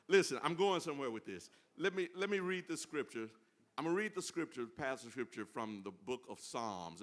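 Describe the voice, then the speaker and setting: Man, pastor, informal sermon, bright voice, playful, repeats phrases, church congregation. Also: mid-range voice, long reverb tail. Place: church service.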